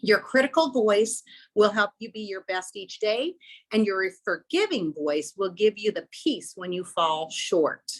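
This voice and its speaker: A woman's voice: medium pitch, lively intonation, unhurried, rough recording. A woman in her fifties gives an informal presentation to a small group, earnest and encouraging, often reading passages and affirmations aloud from a book. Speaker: workshop presenter.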